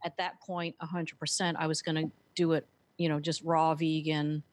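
A woman's voice: deep voice, little pitch movement, moderate pace. A woman telling her story earnestly as a guest, with frequent fillers. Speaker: guest, author and speaker. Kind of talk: conversational interview.

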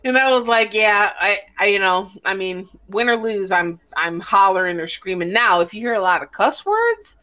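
Brash, bright-voiced woman cussing freely. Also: mid-range voice, moderate pace, few pauses. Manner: blunt, profane, animated storytelling. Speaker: podcast host. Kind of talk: casual chat.

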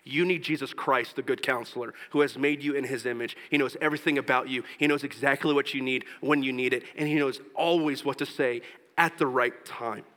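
Male pastor, mid-pitched, earnest sermon delivery, long hall echo. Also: steady tone, pushed and bright. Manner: earnest, rises in pitch and force when exhorting; slows down for scripture and tender points.

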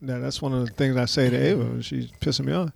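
A man in casual chat, blunt and quick to laugh. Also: steady tone, creaky. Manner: laughing, blunt, swings between high and low voice.

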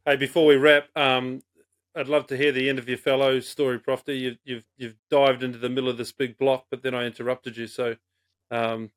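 A man's voice: mid-range voice, level tone, brisk. A man hosting a podcast, prompting his guest in a friendly way. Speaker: podcast host.

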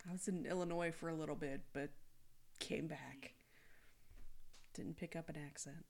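A woman's voice: deep voice, fairly even intonation, normal speed, gravelly, darkish tone. A woman from Texas co-hosting a podcast, recapping a documentary in casual chat with dry, sarcastic asides and swearing. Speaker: podcast co-host.

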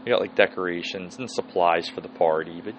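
A man's voice: low voice, brisk, slight background noise, rough recording. A man, hosting a solo podcast and telling a rambling, profane story. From Philadelphia area. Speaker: podcast host.

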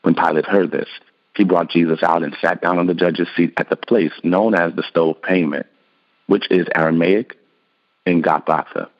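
A man with a deep voice reads scripture aloud in a steady, even way. The audio is dull and lo-fi. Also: moderate pace. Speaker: scripture reader. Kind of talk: scripted narration.

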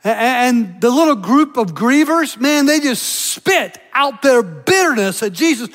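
A male pastor delivers a sermon in a notably high-pitched voice. He surges into impassioned declarations, then drops to hushed, intimate asides. The sound carries the long reverb of a large hall. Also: very animated, unhurried, few pauses.

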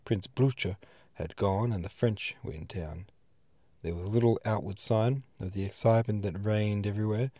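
A man's voice: fairly low pitch, steady tone, moderate pace, mellow, no room sound, natural voice. A man voicing an elderly male pastor who tells a long anecdote at a dinner table, in a genial storytelling way. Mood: earnest.

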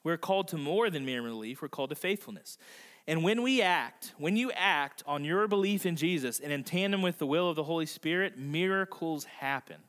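A male pastor preaching a conversational sermon, slowing down and softening his voice for emphasis. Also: fairly high pitch, animated. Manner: acts out voices in quotes. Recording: long reverb of a large hall.

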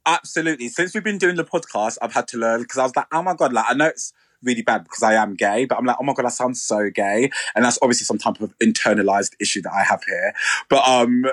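A man's voice: medium pitch, fast talker, dry recording. Man, thirties, podcast co-host, chatty and playful, dry close sound. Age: 30s. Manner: chatty, animated, playful mimicry. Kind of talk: casual chat.

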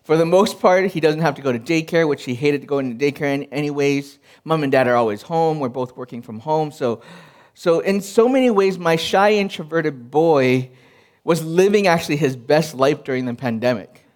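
Earnest high-voiced male pastor. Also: moderate pace, a little mellow. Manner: earnest, personal storytelling with frequent restarts. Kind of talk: sermon.

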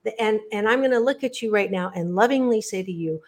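A middle-aged woman in an interview, speaking candidly about her own life. She talks earnestly and leans hard on key words. Her voice sits at an ordinary middle pitch. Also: fast, hardly any pauses. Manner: earnest and emphatic, addresses listeners directly with lingering stress on key words. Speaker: psychologist guest. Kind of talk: podcast interview, candid storytelling.

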